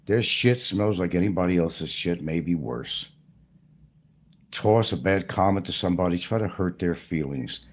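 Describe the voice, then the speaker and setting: Husky low-voiced man ranting. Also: measured pace. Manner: blunt, profane, preachy ranting. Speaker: YouTuber. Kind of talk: ranting monologue to camera.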